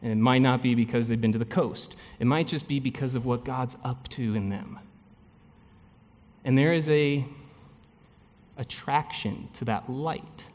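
A man giving a sermon as pastor, speaking in a conversational, animated way with frequent asides. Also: medium pitch, measured pace, in a large hall.

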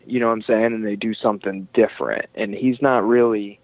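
A man's voice: lowish voice, steady tone, brisk, no echo. A man co-hosting a casual fight-betting podcast, talking in a laid-back, conversational way with some swearing. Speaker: podcast co-host. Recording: dry, tinny phone-like line.

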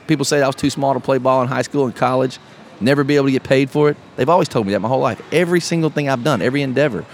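A middle-aged man, a podcast host telling a story in casual, animated chat. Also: medium pitch, rapid-fire. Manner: animated storyteller, calls listener bro. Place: live podcast event. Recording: live event, faint noise behind.

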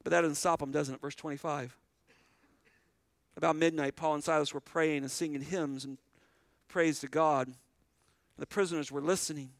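A man's voice: fairly high pitch, steady tone, moderate pace, long pauses, no room sound. A man preaching a sermon as pastor, talking straight to the congregation and retelling scripture in an earnest, conversational way. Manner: addresses the congregation directly.

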